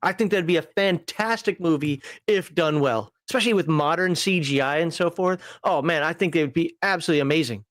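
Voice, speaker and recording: A man co-hosting a relaxed tabletop gaming talk show, rambling with frequent laughs and fillers. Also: a little high, brisk, few pauses, dry recording, studio quality. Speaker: podcast co-host reviewing a tabletop magazine. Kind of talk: casual chat.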